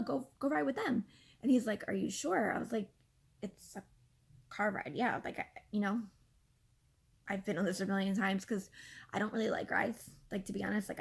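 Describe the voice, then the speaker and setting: A woman in her thirties casually telling a story from her own life, animated and exasperated, with lots of fillers. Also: medium pitch, vocal fry, breathy edge. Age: 30s. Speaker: vlogger.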